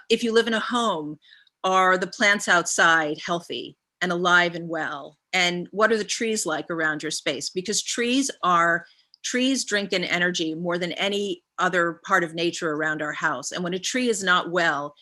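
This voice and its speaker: Woman leading a visualization, lots of ums, just keeps asking questions, kinda low but bright voice. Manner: asks a long string of reflective questions with frequent ums. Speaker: guest speaker. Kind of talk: guided visualization talk on a live stream.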